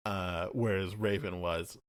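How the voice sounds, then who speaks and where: A young man talks casually with a low-pitched voice, recorded close and dry. He retells scenes with energy and slips into quick impressions of characters' lines. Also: clean tone, no echo. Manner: animated, acts out characters' lines in quick paraphrase. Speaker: podcast co-host. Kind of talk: casual chat.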